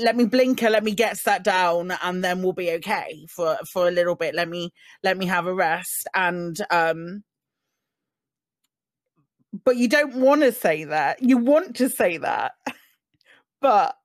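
A woman in casual group chat, talking in halting bursts with many restarts, frequent swearing and laughter. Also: lowish voice, dry recording, clean studio sound.

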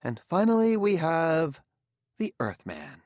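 A man's voice: fairly high pitch, wildly swooping pitch, slow pace, a little mellow, no room sound, studio quality, voice pushed up, heavily acted. A man voicing a cool, imperious woman scientist who speaks in clipped, commanding tones in an audiobook. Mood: haughty.

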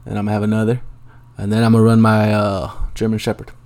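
A man's voice: fairly low pitch, completely flat delivery, quick pace, a little mellow. A young man hosting a solo podcast, rambling casually and swearing a lot in a laid-back way. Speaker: podcast host. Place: Los Angeles, at home.

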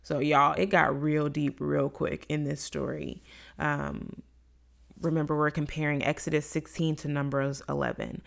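A woman's voice: low voice, measured pace, gravelly. A woman giving a casual Bible lesson, talking conversationally and acting out the complaints she quotes. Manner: conversational, acts out quoted complaints in lively voices. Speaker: Bible study teacher.

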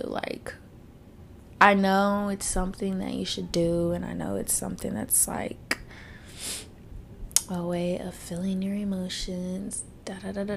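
A woman talks slowly into a podcast mic, her voice gravelly and creaky. She is teary and worn out from crying. She vents frankly and bluntly, swearing often and trailing off into fillers. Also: medium pitch, a little hiss or hum. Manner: frank, profane and frustrated, with many fillers. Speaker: podcast host. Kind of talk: casual solo podcast venting. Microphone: podcast microphone.

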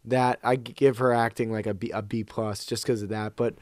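A man's voice: medium pitch, a little fast, dry recording. A man co-hosting a podcast, chatting loosely about a movie with lots of fillers and hedges. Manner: relaxed, filler-heavy, hedging. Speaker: podcast co-host. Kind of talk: casual chat about movies.

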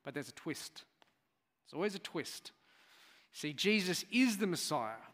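Bright-voiced preacher in a church hall. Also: male voice, a little high, very animated, unhurried. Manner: storytelling, conversational with asides. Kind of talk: sermon.

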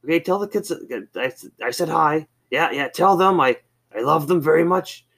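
A man voicing a cranky, gruff male temp worker on a building site. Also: medium pitch, steady tone, moderate pace, a bit bright. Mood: tender. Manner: grumpy, blunt.

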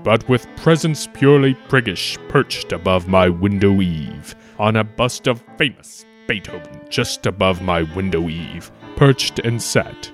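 A man giving a measured, solemn recitation of a spooky rhyming poem. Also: fairly low pitch. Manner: measured, solemn storytelling delivery. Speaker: podcast co-host reciting a poem.

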